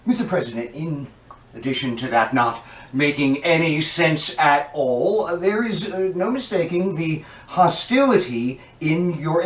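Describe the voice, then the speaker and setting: A man fronts a comedy web show, grilling an empty chair in a crude, scolding way. His voice sits fairly high and carries a clear note of exasperation. He stands some distance from the mic, so the room's echo rings around every word. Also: lively intonation, measured pace. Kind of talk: mock interview talking to an empty chair. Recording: echoey room, voice far from the mic.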